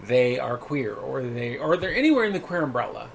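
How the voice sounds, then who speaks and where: A man with a gravelly, creaky voice hosts a casual podcast chat. His delivery is blunt and peppered with swearing. He speaks at an average pitch. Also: sing-song, a little fast, slight background noise, rough recording. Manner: blunt, profane storytelling. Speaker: podcast host.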